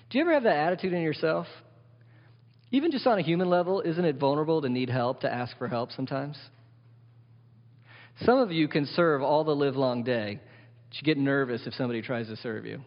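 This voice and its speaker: A man's voice: a little high, a little fast. A man preaching a sermon as pastor, emphatic, often asking the congregation questions. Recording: dull sound with long hall reverb.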